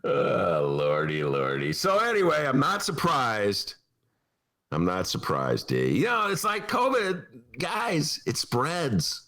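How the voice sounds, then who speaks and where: Male talk-show host, joking casual banter, hugely animated intonation, average pitch. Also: takes it slowly. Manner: animated, jokey, slips into voices and impressions. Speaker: podcast host.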